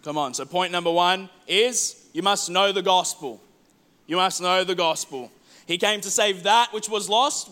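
A man preaching a sermon to a church congregation, passionate, repeating words and moving between loud declarations and soft asides. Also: sits high. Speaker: pastor. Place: church hall.

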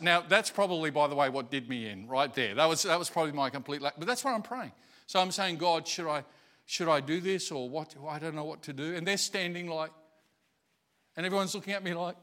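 Man, pastor, sermon storytelling, confessional, stumbling repeats, slightly high voice. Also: fairly bright tone. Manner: confessional, repeats words while searching for them.

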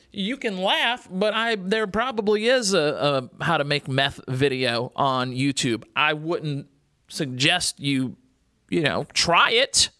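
A man hosts a radio show from a studio, chatting in a loose, rambling way. He jokes along and stops often with "uh" and "you know." His voice is bright, smooth, fairly high and dry, close on a studio microphone. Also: no room sound. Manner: rambling, joking, chatty with many fillers. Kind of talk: casual radio talk.

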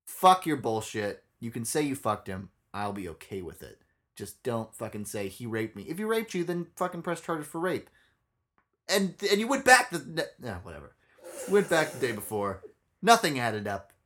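On a casual podcast, a young male co-host tells a story with lots of profanity, delivered bluntly and with energy. Pitch is medium, speed normal.

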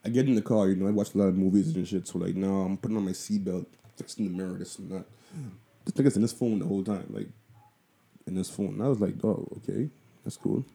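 Deep, dark-voiced Bahamian man. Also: fairly even intonation, fast talker, creaky. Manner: profane, loose and conversational, with lots of asides. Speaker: vlogger. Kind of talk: casual storytelling.

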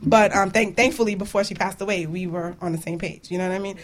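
On a casual radio talk show, a woman hosts with an animated, chatty delivery, laughing often as she talks easily into the studio mic. Her voice sits mid-range and moves at a quick pace, with slight background noise.

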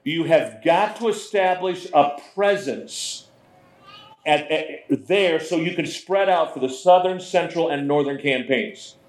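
A man preaching a sermon as pastor, in a conversational, animated way, often slipping into voices. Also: a little high, slow. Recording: roomy echo.

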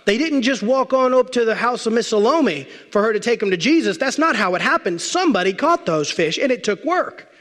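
A male pastor preaching a sermon, emphatic, stacking repeated phrases and slowing down to stress key words. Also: very high-pitched, expressive, fairly bright tone. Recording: long reverb of a large hall.

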